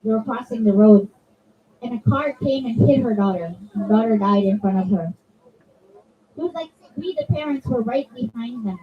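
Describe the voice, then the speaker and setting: A woman with a high voice gives a chatty religious talk to a room of children, often asking them questions. The mic sits some distance away, so she sounds dull and a little far off, with faint room ambience behind her. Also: moderate pace, a little hiss or hum. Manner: chatty, asks the kids questions and answers them. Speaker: zakira addressing a children's majlis. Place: community center hall.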